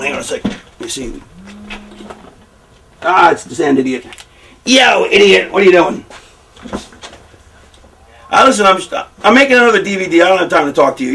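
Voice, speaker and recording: A man's voice: fairly high pitch, fairly quick, long pauses, distant mic. A man, a pro wrestler, telling candid stories in an interview, rambling and swearing freely. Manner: rambling, profane, animated storytelling.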